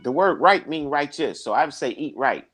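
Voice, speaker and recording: A man's voice: a little high, moderate pace, breathy edge. Guy chatting and telling stories, preachy, voice jumps all over. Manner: preachy, animated, acts out quoted people. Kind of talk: casual conversation, storytelling.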